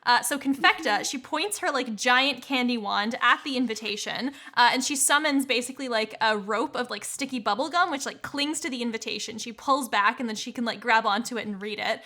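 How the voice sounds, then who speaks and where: Bright, high-voiced woman narrating playfully. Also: brisk, few pauses. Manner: vivid, playful, lots of fillers. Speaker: player. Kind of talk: narrating her character's scene.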